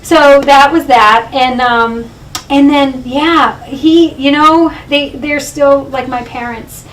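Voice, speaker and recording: A middle-aged woman from Massachusetts giving an animated talk about her own life at a library, recorded from a distant room mic. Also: high voice, slow pace, a little hiss or hum. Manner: animated storyteller, often laughing. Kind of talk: personal storytelling talk.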